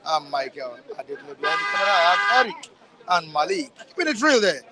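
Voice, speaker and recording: A man's voice: fairly high pitch, very animated, fast, heavy background noise. A man with a Nigerian accent hosting a street interview show outdoors. He speaks in an upbeat, promotional way. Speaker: host.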